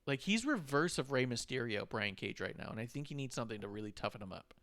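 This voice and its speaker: A man's voice: mid-range voice, animated, quick pace, fairly bright tone. Chatty male wrestling podcast co-host. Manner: talkative, opinionated, asks co-hosts questions. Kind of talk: casual chat.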